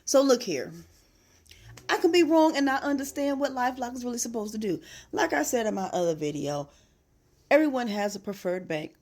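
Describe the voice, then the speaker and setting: A woman's voice: medium pitch, darkish tone. A middle-aged woman vlogger venting in a casual, emphatic monologue and telling her story with exasperation.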